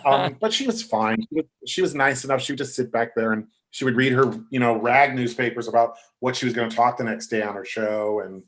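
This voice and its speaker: A man, a guest on a podcast, telling casual, animated anecdotes and quoting other people. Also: medium pitch, brisk, few pauses. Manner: chatty, animated anecdotes with quoted voices.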